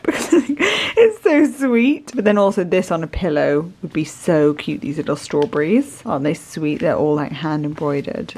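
A woman's voice: fairly low pitch, darkish tone, no echo. A woman chatting casually to camera in a vlog, gushing and peppering her talk with "like". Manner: chatty, gushing, fond of "like" and "so sweet". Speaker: lifestyle vlogger.

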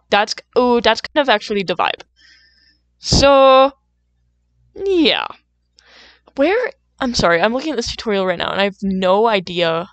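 A young woman talks to her audience in a loose, rambling way, piling up fillers and poking fun at herself. Now and then she jumps up loud and playful before settling back down. The sound is dry and close, and her pitch sits in the middle. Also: no room sound. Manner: chatty, self-deprecating, lots of fillers and asides; sudden loud playful outbursts. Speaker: gaming video creator. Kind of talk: rambling casual chat while playing.

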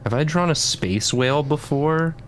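A man's voice: fairly high pitch, normal speed, slight background noise. A man co-hosting a casual stream chat, joking around with friends. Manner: playful, jokey. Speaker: stream co-host.

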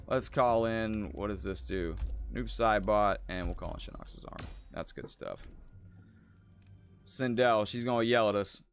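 A man's voice: on the low side, a little slow, clear, resonant tone, soft background music. A man streaming a fighting game live, chatting casually with viewers and telling stories between matches. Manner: laid-back, chatty, thanks viewers and tells stories. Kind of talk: live gameplay commentary.

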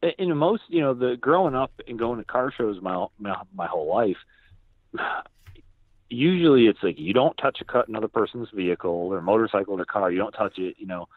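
A man's voice: lowish voice, brisk, no echo. Man talking over a tinny phone line. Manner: animated storyteller who acts out other people's lines. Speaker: podcast guest. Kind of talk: casual storytelling chat.

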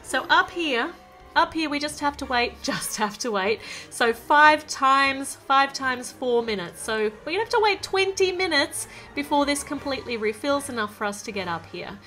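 A woman's voice: high voice, expressive, normal speed, bright, forceful tone, soft background music. A woman hosting a game channel, chatting and explaining as she plays and reads lines aloud. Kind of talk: let's-play game commentary.

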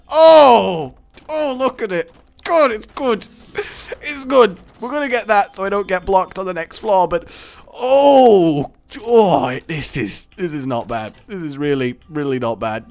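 A man giving casual let's-play commentary, excitable and gleeful, laughing often. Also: high voice. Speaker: gaming commentator.

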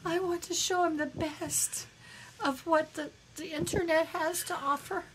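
A woman's voice: very high-pitched, fairly even intonation, measured pace, a bit bright, a little hiss or hum, poor audio. A woman playing a naive, fretful sister wife in a prank call, stammering and rambling. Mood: earnest. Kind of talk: prank call role-play.

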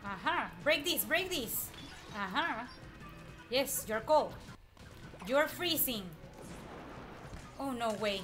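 Woman, high voice, unhurried, excitable gameplay commentary, talks to enemies, faint game music behind. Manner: excitable, talks to enemies, repeats herself when frustrated. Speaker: gameplay streamer.

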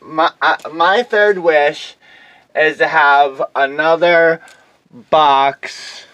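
Slow, stammering woman in a comic skit. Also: low-pitched, fairly even intonation, no room sound, rough recording. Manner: stammering, mumbling, with bursts of shouting. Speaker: skit performer. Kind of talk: amateur comedy skit. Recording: music in the background.

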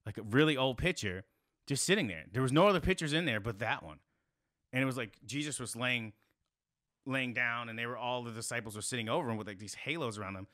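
A man in his thirties from South Carolina, a podcast guest telling a story in a casual, animated way, swearing freely. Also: fast talker, no echo, clean studio sound. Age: 30s. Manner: animated, swears a lot, rising to high exclaims.

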